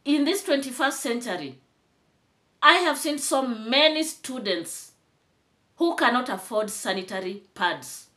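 A woman's voice: on the high side, expressive, a little slow, bright, forceful tone. A young Kenyan woman with a Kenyan accent, giving chatty commentary in a vlog that grows into indignant scolding. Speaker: vlogger.

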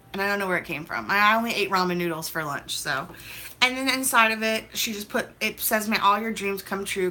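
A woman's voice: mid-range voice, pushed and bright, slight background noise. A young woman vlogging as she opens mail, talking in a hyper, chatty, gushing way. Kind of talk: casual mail-opening vlog.

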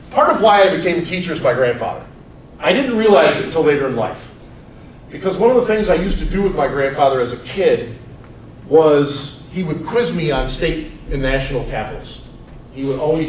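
Man in his forties telling stories in an echoey hall. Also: fairly high pitch. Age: 40s. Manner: animated, swings from loud to soft. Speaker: teacher. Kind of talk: storytelling talk to students. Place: school hall. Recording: echoey room, mic far off, faint noise.

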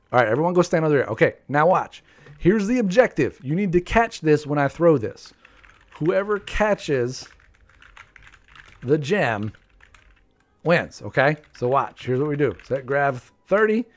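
A man commentating live gameplay for viewers, excitable, talking to his players and breaking into high shouts, with keyboard typing behind him. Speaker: game streamer.

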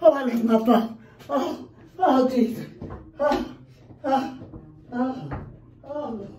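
A woman's voice: high voice, takes it slowly, dark tone. An older grandmother in a frantic panic, crying out to the Lord and calling for help, then swearing angrily. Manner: frantic, praying aloud, swearing when angry. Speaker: grandmother, prank target. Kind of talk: panicked reaction. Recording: echoey room, far from mic.

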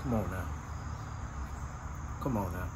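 A man's voice: sits low, slow. A man hosting a casual sneaker vlog outdoors at dusk, talking in a slangy, chatty way and repeating his catchphrases. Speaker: sneaker vlogger. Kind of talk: casual hyped sneaker show-and-tell. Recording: outdoor noise with crickets and traffic.

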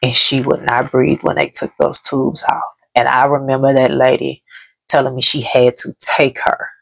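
A woman tells her story in a gravelly, fry-edged voice. She circles back over the same words, heavy with grief. The sound is close and dry, with no room around it. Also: very deep voice, flat delivery, normal speed, dry recording. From Dallas, Texas. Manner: heavy, repetitive, grief-laden retelling. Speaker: vlogger. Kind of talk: emotional story time.

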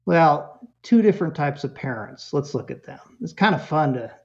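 Animated storytelling man, lo-fi sound. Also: fairly high pitch, moderate pace. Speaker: parenting expert guest. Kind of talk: casual interview conversation.

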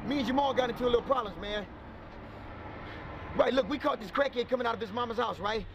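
A man acting in a low-budget comedy film as a panicky young street hustler who curses a lot and talks himself through trouble. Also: fast, creaky, a bit bright, slight background noise, heavily acted. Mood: anxious. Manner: frantic, cursing, talks to himself. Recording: film audio with music underneath.

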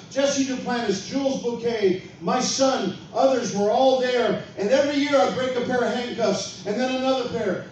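A man preaching and telling stories, building to loud, emphatic declarations. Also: very high voice. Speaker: pastor. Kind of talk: preaching testimony. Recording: echoey room, far from mic, faint noise.

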